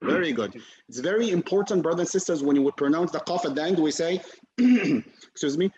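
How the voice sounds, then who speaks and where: A male teacher giving an online class, patiently repeating sounds slowly for his students to copy. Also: fairly high pitch, animated, darkish tone, breathy edge. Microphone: video call. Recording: dull lo-fi video call audio.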